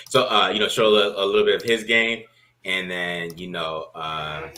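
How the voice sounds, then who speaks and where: Deep forceful man breaking down game film. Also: slight background noise. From from a Baltimore family. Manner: rambling, restarts, keeps asking "right?". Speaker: football film analyst co-host.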